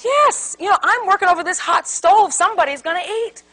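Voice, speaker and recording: A woman's voice: extremely high pitch, animated, fairly quick, a bit bright, rough recording. A woman giving an interactive seminar talk on conflict resolution to a live audience. She tells stories animatedly, acts out quotes and asks the room questions.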